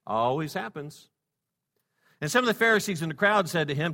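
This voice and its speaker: A man preaching a sermon, swinging from loud exclamations to hushed low passages and leading the congregation in call-and-response. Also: animated, a little fast, pauses often. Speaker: pastor. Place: church sanctuary. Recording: long hall reverb.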